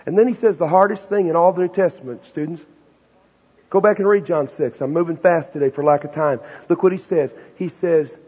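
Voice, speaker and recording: A man preaching a sermon to students in a folksy, animated, slangy storytelling manner. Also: sits high, fast talker, husky. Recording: dull recording with long hall reverb.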